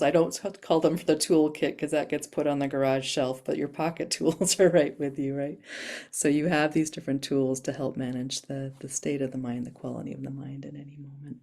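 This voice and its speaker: Low-voiced woman teaching breathing. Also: warm tone. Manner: chatty, laughs often, frequent "right?". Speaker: breathing workshop instructor. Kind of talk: casual teaching talk. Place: Boise, Idaho.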